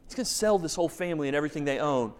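A man's voice: a little high, animated, rapid-fire. A man preaching a sermon as pastor, telling a story with emphasis and asking rhetorical questions. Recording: long reverb of a large hall.

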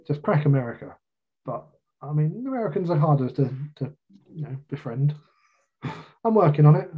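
A man's voice: fairly high pitch, expressive, moderate pace, breathy edge, phone-quality sound. A man with a British accent, an author chatting casually in an interview, with a self-deprecating, jokey way of talking. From Britain.

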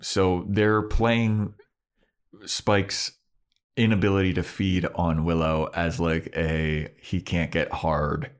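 A man co-hosting a podcast, recapping in a casual, animated storytelling way and swearing freely. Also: sits low, takes it slowly. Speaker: podcast co-host.

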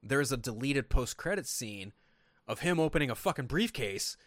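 A man talking on a podcast in a lively, swooping voice, swearing freely and slipping into voiced quotes as he tells stories. He sounds close and dry on the mic, with no room around him. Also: mid-range voice, moderate pace, no room sound. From Sacramento, California. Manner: animated, profane storytelling with lots of voiced quotes. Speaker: podcast co-host. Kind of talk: casual chat.

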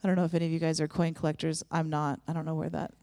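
A woman's voice: deep voice, little pitch movement, rapid-fire, mellow, no echo, clean studio sound. A woman preaching a sermon and leading prayer in an earnest, conversational way, with frequent restarts. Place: church room with audience.

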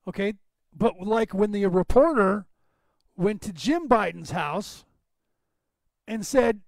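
This podcast host from Northern California delivers a loose, emphatic monologue, naming listeners as he goes. He sits high in pitch, speaks a little slowly with vocal fry, and leaves long pauses, all without echo.

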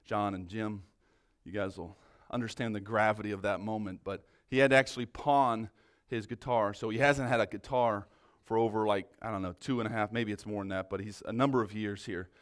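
A pastor introducing a testimony clip to his church, pausing often with fillers. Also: fairly low pitch, steady tone. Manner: hesitant, many fillers. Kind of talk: sermon introduction.

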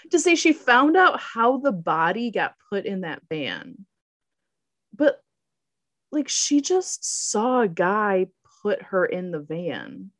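Animated woman recapping with lively pitch. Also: slow, dry recording, studio quality. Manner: animated retelling, acting out characters' lines, laughing often. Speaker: podcast co-host recapping a TV episode. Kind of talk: casual chat.

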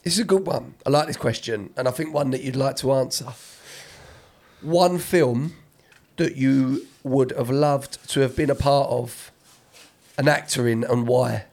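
A man's voice: medium pitch, unhurried, creaky, a little mellow. A man hosting a podcast, jokey and laddish as he asks questions. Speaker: podcast host. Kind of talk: casual podcast chat.

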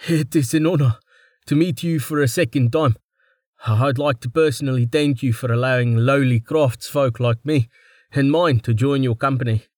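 A man's voice: medium pitch, normal speed, a little mellow, dry recording, clean studio sound, lightly acted. A man voicing an anxious, humble male weaver who speaks formally and deferentially.

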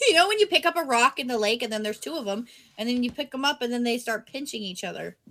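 She's a young woman chatting on a casual podcast, reading strange headlines aloud and laughing easily. Her voice is bright and a little high. The delivery is animated throughout. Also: fast talker. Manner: giggly, animated. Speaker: podcast co-host.

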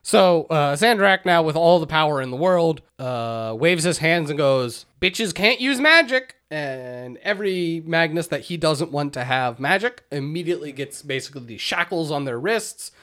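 A man's voice: fairly high pitch, a bit bright. Joking man recapping a game plot. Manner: profane, sarcastic retelling with quick put-on quotes. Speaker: podcast co-host.

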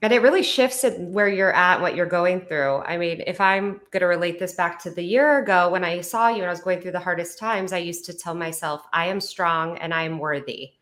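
Low-voiced woman podcast host, emotional. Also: fairly quick, few pauses. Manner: warm, emotional, affirming. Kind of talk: podcast interview conversation.

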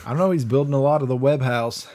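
A man's voice: mid-range voice, fast, darkish tone. A man co-hosting a casual chat, crude and joking, often trailing off mid-sentence. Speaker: podcast co-host.

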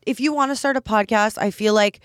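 A woman's voice: on the high side, a little fast, smooth, no room sound, studio quality. A woman in her twenties hosting a casual solo podcast, talking candidly and bluntly with lots of "like" fillers. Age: 20s. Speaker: podcast host.

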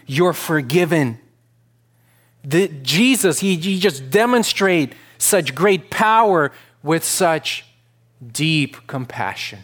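A man preaching a sermon to his church, earnest, repeating himself as he builds to loud, emphatic peaks. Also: on the high side. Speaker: pastor.

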